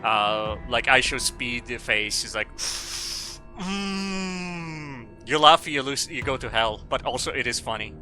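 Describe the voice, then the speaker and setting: A man's voice: medium pitch, animated, takes it slowly, sharp tone, soft background music. A man streaming a game, reading its dialogue aloud and joking crudely, rambling with lots of fillers.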